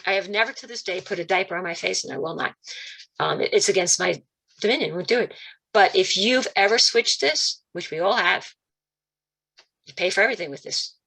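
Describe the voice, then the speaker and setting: A woman giving a spiritual talk over a video call, telling stories and acting out quoted voices with big jumps in pitch. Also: a little fast, creaky, a bit bright, husky. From Italian-American, Calabrese roots. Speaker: guest speaker.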